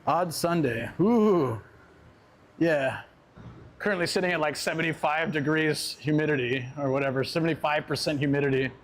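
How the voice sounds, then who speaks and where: A man's voice: on the high side, moderate pace. Laid-back rambling male streamer. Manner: laid-back, rambling storyteller, laughs often. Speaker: live streamer. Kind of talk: casual live-stream chat while out and about.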